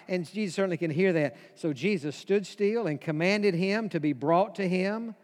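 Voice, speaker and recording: Preacher, male, high-pitched, emphatic, sermon delivery in a reverberant hall. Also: moderate pace, few pauses. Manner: emphatic, repeats key phrases, drops to a hush for quoted whispers.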